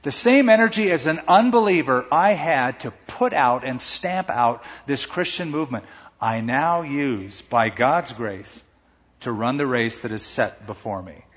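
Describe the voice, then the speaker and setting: A man with a mid-range, expressive voice preaches a sermon as a pastor, speaking a little slowly. His delivery is emphatic, climbing to strong peaks with dramatic swings in loudness. The recording has an echoey hall sound and a dull, muffled tone.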